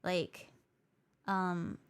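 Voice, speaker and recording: A woman's voice: on the low side, flat delivery, very slow, smooth. A woman from Hawaii, a VTuber streamer, chatting casually with viewers and answering their comments, switching between English and Japanese mid-sentence and patiently repeating her points. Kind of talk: casual livestream chat, reading viewer comments.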